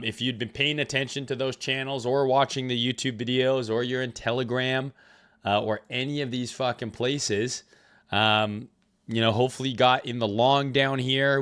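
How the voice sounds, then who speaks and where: Still getting over an illness, this crypto trading streamer talks in a mid-range voice that is clear, resonant, and fairly bright, with fairly even intonation and a moderate pace. He's loose and profane, calling out viewers' names from the chat to say hello.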